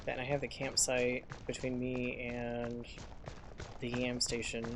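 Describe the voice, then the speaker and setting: A male streamer talks his way through a game in an easy, rambling manner, musing aloud as he goes. Clear hoofbeats and game ambience run loudly beneath his voice. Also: mid-range voice, completely flat delivery, unhurried, noisy background. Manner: rambling, thinking aloud while playing. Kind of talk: casual live gameplay commentary.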